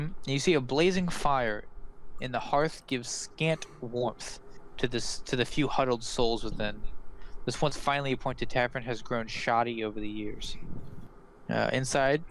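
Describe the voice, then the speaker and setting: A man's voice: medium pitch, a bit bright, a little hiss or hum, rough recording. A man narrating as game master in a tabletop game, describing scenes loosely with many fillers.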